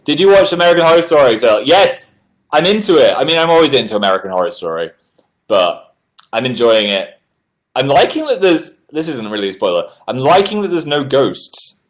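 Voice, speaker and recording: A man hosts a relaxed livestream from indoors, reading viewers' messages aloud and answering each one. His voice sits at an ordinary middle pitch. His delivery is chatty and animated, and it leaps upward when something surprises him. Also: a little fast. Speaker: livestream host. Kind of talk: casual livestream chat reading viewer comments. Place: indoors at home.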